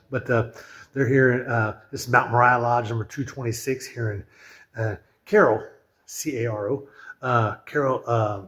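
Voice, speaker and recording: A man's voice: medium pitch, a bit bright. A man chatting casually as he tours a lodge room, rambling with lots of fillers and restarts. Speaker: vlogger touring a lodge. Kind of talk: casual walkthrough narration.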